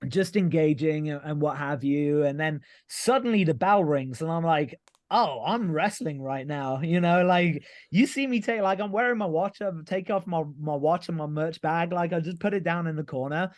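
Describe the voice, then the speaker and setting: A man's voice: on the high side, normal speed, no room sound. A man guest on a podcast, telling a long story in a rambling, casual way, with lots of filler words and casual swearing. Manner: rambling, frequent "like" and "you know", swears casually. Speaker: podcast guest, pro wrestler.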